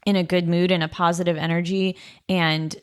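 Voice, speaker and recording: A woman's voice: lowish voice, flat delivery, a little fast, a crowd in the background. A woman co-hosting a podcast, chatting candidly and laughing at herself. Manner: candid, self-deprecating, laughs often. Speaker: podcast co-host, orthopedic PA. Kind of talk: casual chat.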